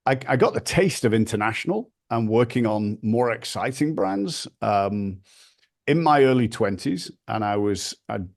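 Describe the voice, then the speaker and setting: A man from the north of England with a northern English accent, a podcast guest telling lively anecdotes and swearing casually. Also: lowish voice. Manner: animated anecdotes, acts out quoted voices, swears casually. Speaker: podcast guest, brand founder. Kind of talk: storytelling interview.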